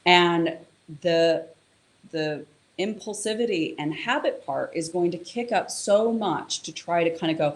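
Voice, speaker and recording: A woman's voice: on the low side, measured pace. A woman who teaches yoga and meditation, explaining in a casual, chatty way and telling a story. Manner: casual, chatty, with fillers and acted-out quotes.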